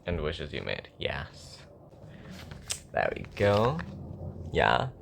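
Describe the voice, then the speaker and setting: A man's voice: extremely low pitch, wildly swooping pitch, very slow, gravelly, pauses often, a bit bright, a little hiss or hum. A young man at home with a sore throat, rambling and joking at himself as he works on a song. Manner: rambling, self-mocking, thinking aloud. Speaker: songwriter. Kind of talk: casual chat while writing a song.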